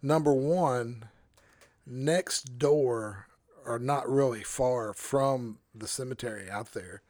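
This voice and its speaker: Animated male pastor telling a story. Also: mid-range voice, takes it slowly, dry recording. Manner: animated, self-interrupting, chuckles through his story. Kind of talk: casual storytelling on a podcast.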